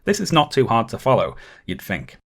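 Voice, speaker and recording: A man narrating a scripted video essay in a measured, dryly critical way. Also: mid-range voice, wildly swooping pitch, fairly bright tone.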